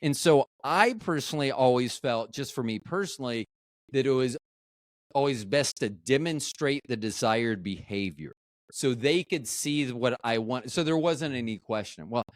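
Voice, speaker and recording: A man's voice: mid-range voice, expressive, normal speed, no echo, studio quality. Chatty man hosting a podcast. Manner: chatty storyteller, acts out quoted lines. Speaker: podcast host. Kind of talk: casual podcast interview.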